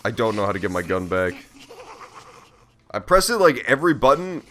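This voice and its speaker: A man's voice: on the low side, very animated, normal speed, a bit bright, a little hiss or hum. A man giving casual gameplay commentary on a stream, joking and swearing as he reacts aloud to the game. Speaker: let's play streamer.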